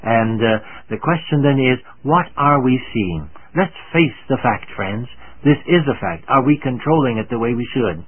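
An older man delivers a radio sermon in a slightly husky voice. He speaks earnestly and with emphasis, slowing down to read scripture aloud. The sound is thin and narrow, like an old radio broadcast. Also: medium pitch, lively intonation. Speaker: radio Bible teacher.

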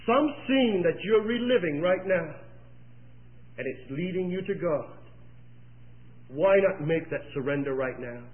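High-voiced impassioned preacher on old tape. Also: male voice, lively intonation, measured pace, pauses often. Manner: impassioned storytelling, rising to near-shouts. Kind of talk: sermon. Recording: echoey, tinny phone-like old tape.

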